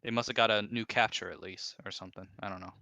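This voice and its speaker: A man telling lively work stories in casual chat, bursting into high mimicked voices. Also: fast, vocal fry, no room sound, lo-fi sound. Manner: animated storyteller, mimics coworkers in high squeaky voices. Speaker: animator guest.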